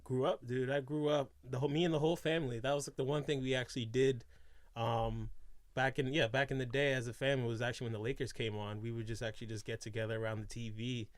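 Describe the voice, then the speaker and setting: A man's voice: medium pitch, level tone, quick pace, no room sound. A man from Boston co-hosting a casual podcast chat, talking in loose, rambling sentences full of filler words. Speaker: podcast co-host.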